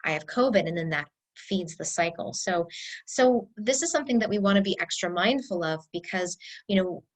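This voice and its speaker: A woman's voice: on the low side, rough recording. Chatty woman herbalist telling a story. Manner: chatty storytelling, halting with fillers and restarts. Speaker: herbalist teacher. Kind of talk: casual talking-head video.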